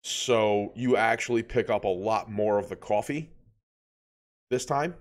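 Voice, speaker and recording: Here the New Jersey co-host of a casual beer podcast talks slowly in a voice on the low side. His tasting descriptions wander loosely, easygoing and padded with fillers.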